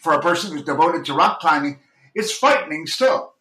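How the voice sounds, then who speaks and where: A man's voice: fairly high pitch, lively intonation, a little fast, sharp tone, roomy sound, poor audio. A man talking about his acting work in an interview, intense and earnest, often restarting his sentences. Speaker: actor and audiobook narrator, guest. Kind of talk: reflective interview talk.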